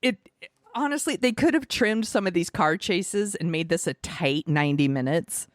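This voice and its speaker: A woman's voice: fairly low pitch, animated, normal speed, no room sound, clean studio sound. A woman co-hosting a podcast, chatting casually about a movie, rambling and swearing with lots of fillers and laughs. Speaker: podcast co-host.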